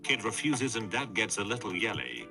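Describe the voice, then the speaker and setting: A synthetic male voice reads forum stories aloud, pitched a little low. The delivery stays flat and even throughout, with music playing clearly beneath him. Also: moderate pace. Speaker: narrator reading forum posts. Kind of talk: text-to-speech story reading. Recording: background music under voice.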